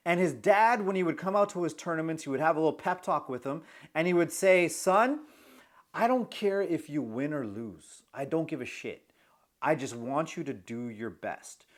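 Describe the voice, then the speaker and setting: Earnest man coaching, stressing points. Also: fairly high pitch. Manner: earnest, keeps checking in with the listener by asking "okay?"; shifts pace often, slowing to stress key points. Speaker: social anxiety coach. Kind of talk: earnest self-help talk to camera.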